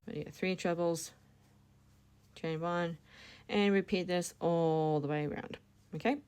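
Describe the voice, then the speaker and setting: Woman, low-ish voice, unhurried, chatty and self-correcting. Crochet tutorial host. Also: steady tone, darkish tone, smooth. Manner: chatty, self-correcting, laughs at her slips. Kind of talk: casual step-by-step demonstration.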